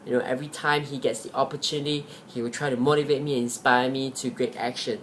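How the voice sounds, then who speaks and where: A man retelling a motivational story for his vlog, rambling loosely and filling pauses with "you know". His voice sits at a middle pitch, with faint background noise. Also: flat delivery, fairly bright tone. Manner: rambling, with many fillers. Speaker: vlogger.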